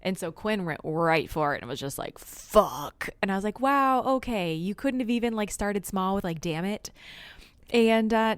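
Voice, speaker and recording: A woman's voice: medium pitch, clean tone, no echo. Chatty woman telling home stories. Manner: chatty, laughs often, relaxed storytelling. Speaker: podcast co-host. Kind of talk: casual chat.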